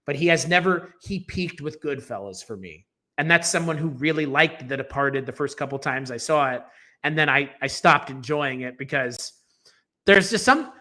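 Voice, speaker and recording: A man with a bright, forceful voice that sits a bit high for a man. He co-hosts a casual film podcast, talking in an emphatic, opinionated way. He rambles, restarts his sentences and fills pauses with "um" and "like.".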